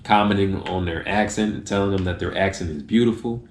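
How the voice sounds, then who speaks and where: Low-voiced man giving tips, roomy echo. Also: fairly quick, slight background noise. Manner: acts out short exchanges in changed voices. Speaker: video host giving tips. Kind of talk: casual talk to camera.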